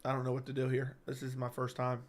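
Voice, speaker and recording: A man's voice: medium pitch, completely flat delivery, quick pace. A man hosting a casual live-stream chat, answering viewers while stuck with hiccups, stopping and restarting his sentences. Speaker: MMA channel host.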